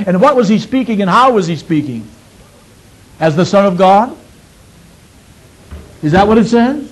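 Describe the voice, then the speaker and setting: Male preacher, higher voice, a sermon full of questions to the listeners and repeated phrases. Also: animated, moderate pace, long pauses, low-quality recording. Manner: swings between loud emphatic peaks and low quiet asides.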